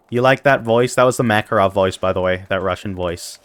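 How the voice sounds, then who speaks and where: A man's voice: deep voice, fairly quick, few pauses, fairly bright tone, smooth, no echo. A man live-streaming a game, playfully chatting and greeting viewers. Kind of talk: casual live-stream chat.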